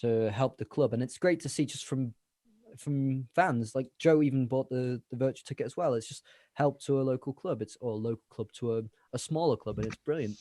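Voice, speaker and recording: Mid-pitched man, dry close mic; halting, opinionated co-host. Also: mellow, no echo. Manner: halting, repeats words, opinionated. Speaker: watch-along co-host. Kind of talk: casual chat over a live match.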